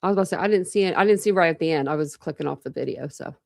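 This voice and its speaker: A woman's voice: low-pitched, very fast, gravelly, a little mellow, dry recording, clean studio sound. A young woman hosting a casual true crime livestream, tired and rambling with many fillers. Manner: rambling, lots of fillers and restarts. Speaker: true crime channel host. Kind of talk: casual livestream chat with viewers.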